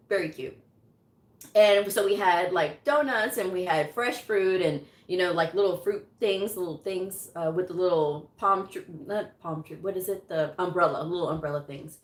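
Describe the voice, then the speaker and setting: A woman's voice: lowish voice, moderate pace. A middle-aged woman hosting a casual storytelling livestream about medical coding, chatting, laughing often and acting out what others said. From United States. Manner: chatty, laughs often, acts out quotes in voices. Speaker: medical coding educator and channel host. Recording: echoey room.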